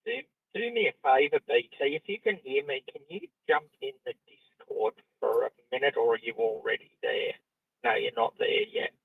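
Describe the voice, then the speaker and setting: A man co-hosting a live stream over voice chat, speaking calmly and asking technical questions. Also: mid-range voice, normal speed, gravelly, breathy edge, dry recording, narrow, tinny audio. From Australia. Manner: calm, asks technical questions.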